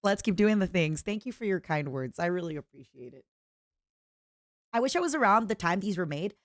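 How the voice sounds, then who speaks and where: A woman's voice: lowish voice, lively intonation, brisk, no room sound, studio quality. A woman streamer chatting casually and reading viewer letters aloud, in a playful, self-mocking way.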